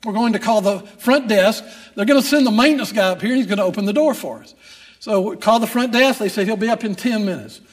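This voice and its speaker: An older man preaching with a strikingly high voice. He tells a long personal story with dry humor before turning to scripture, his emphasis building as he drives the point home. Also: quick pace. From Texas. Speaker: pastor.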